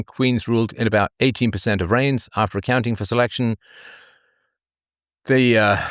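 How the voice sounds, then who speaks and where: A man's voice: mid-range voice, no room sound, studio quality. A man hosting a livestream monologue, reading statistics and repeating his phrases for emphasis. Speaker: livestream host. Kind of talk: commentary monologue.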